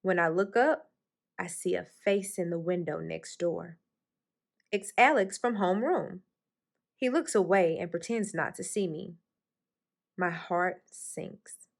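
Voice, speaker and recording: A woman's voice: fairly low pitch, slow pace, gravelly, pauses often. A woman reading a children's picture book aloud for storytime, raising her voice expressively for the characters' lines. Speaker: storytime reader.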